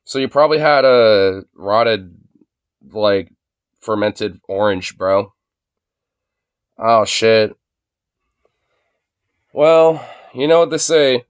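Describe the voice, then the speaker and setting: A man's voice: lowish voice, clear, resonant tone, no echo, clean studio sound. A young man streaming from his phone, rambling in casual chat full of filler words and swearing. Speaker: livestreamer.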